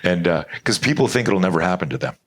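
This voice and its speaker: Deep-voiced middle-aged man, rambling animated storyteller, lots of restarts and swearing. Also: quick pace. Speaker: self-defense expert guest. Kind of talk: storytelling interview talk.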